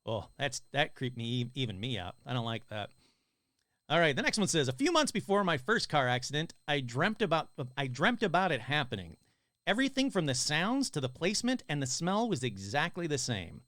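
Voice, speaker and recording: Male podcast host, slightly high voice, chatty and casual, reading listener stories, dry close sound. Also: sing-song, normal speed, fairly bright tone, no echo. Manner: casual, chatty, swears and jokes between stories.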